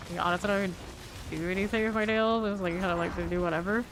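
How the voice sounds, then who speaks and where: Woman streamer, mid-range voice, chatty and answers her chat with quick asides; casual live-stream talk. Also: mid-range voice, fairly even intonation, slight background noise. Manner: mutters item names while looting. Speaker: game streamer.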